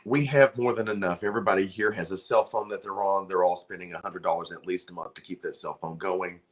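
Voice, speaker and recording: A man's voice: low-pitched, steady tone, quick pace. A man hosting a livestream, making an earnest, pleading charity appeal while fighting back tears. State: close to crying. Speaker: livestream host.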